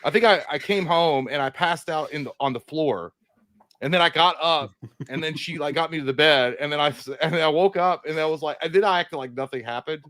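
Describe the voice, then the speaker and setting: Profane, animated man telling stories. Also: fairly high pitch, fairly quick, no room sound. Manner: profane, animated, acts out quotes. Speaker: podcast co-host. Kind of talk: casual chat, storytelling.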